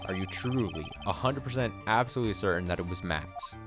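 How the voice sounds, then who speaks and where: An earnest young defense lawyer presses a witness with probing questions, read by a man. The voice is fairly low. Clear game music plays behind. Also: a little fast, close to an everyday voice. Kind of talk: let's play voice acting.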